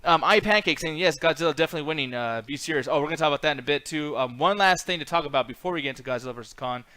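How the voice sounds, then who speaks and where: A man co-hosting a casual chat show, ranting fast and swearing freely. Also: on the high side, pushed and bright, dry recording. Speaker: podcast co-host.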